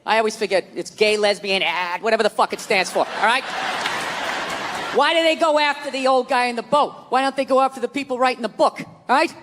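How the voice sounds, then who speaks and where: A man doing stand-up comedy, ranting loudly with lots of swearing and mock voices. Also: extremely high pitch, a little fast. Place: theater stage with live audience. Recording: live audience laughter and stage noise.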